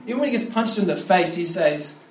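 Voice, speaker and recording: A young man delivers a sermon at a youth camp, his voice sitting a little higher than most men's. He tells stories with energy, often restarting his phrases. The sound is roomy and echoey, with faint ambience behind him. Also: a little fast, slight background noise. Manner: animated storytelling with frequent restarts. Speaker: youth pastor preaching at a camp.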